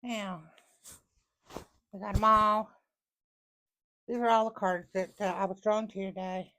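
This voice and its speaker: Woman tarot reader, casual and folksy, medium pitch. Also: fairly even intonation, a little slow, sharp tone. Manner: chatty and folksy, laughs often, thinks aloud. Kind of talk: casual tarot reading to viewers.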